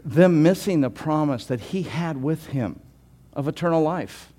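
A man preaching a sermon as pastor, earnest and emphatic, often restarting words and swinging between raised and hushed delivery. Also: fairly high pitch, lively intonation, measured pace.

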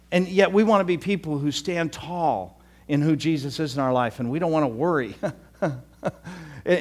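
A man's voice: a little high, a little mellow. An older male pastor preaching a conversational sermon with folksy asides and frequent restarts.

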